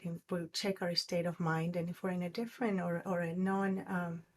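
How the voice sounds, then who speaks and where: A woman teaching a meditation class, who talks in a soft, musing way and often drops to a near whisper. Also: fairly low pitch. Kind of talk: reflective class talk.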